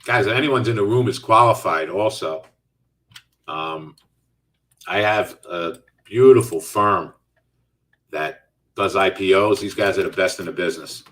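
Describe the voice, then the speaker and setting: Middle-aged male trading host, lowish voice, loose live-chat delivery, sitting a little back from the mic. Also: unhurried, long pauses, fairly bright tone, far from the mic. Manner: casual, reads out and answers viewer chat while trading. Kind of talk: live trading stream commentary.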